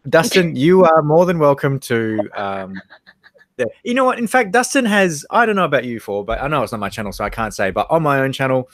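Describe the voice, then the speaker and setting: A man's voice: mid-range voice, lively intonation, fairly quick, fairly bright tone, no echo, studio quality. An Australian man co-hosting a casual livestream, laughing often and reading chat comments aloud. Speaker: livestream co-host.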